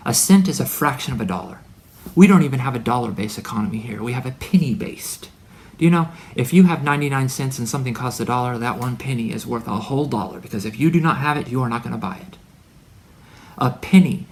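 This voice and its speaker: A man delivering a rambling spiritual monologue to his son. He is preachy and full of wordplay, and he swings from loud declarations to hushed asides. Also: mid-range voice, brisk. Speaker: religious speaker addressing his son.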